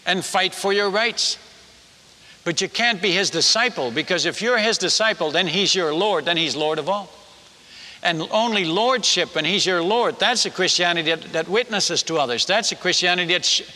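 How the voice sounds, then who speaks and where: Bright, high-voiced male preacher, lively storyteller, hall echo. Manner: animated storyteller, folksy asides and restarts. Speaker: preacher and former missionary. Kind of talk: storytelling sermon. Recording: long reverb of a large hall.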